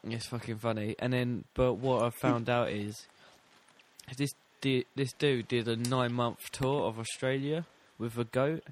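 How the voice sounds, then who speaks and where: A young man trading swear-laden jokes on a podcast, his voice sitting at an ordinary middle pitch. The talk is loose and casual, full of teasing asides. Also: fairly even intonation, measured pace. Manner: sweary, joking banter. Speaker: podcast co-host. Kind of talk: casual chat.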